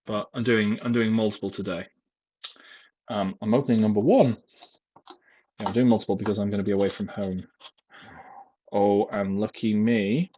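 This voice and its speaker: A young man chats casually from home, rambling and self-deprecating, with plenty of fillers along the way. His voice sits low and a little husky. It comes through a dull, lo-fi headset mic that clips now and then. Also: dark tone, no room sound. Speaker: vlogger. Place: home, indoors. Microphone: headset microphone.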